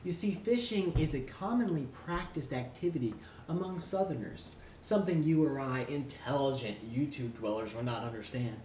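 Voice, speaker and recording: A man playing a smug, self-important male shoe store clerk in a comedic vlog monologue, talking in a deliberate, condescending way. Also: mid-range voice, darkish tone, slight background noise, lightly acted. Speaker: shoe store employee character. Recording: roomy echo, faint ambience.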